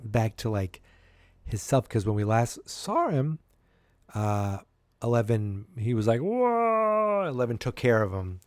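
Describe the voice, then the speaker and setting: A man's voice: fairly low pitch, warm tone. A man hosting a solo podcast, speculating as a fan in a rambling, earnest way with many restarts. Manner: earnest, fannish enthusiasm. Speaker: podcast host.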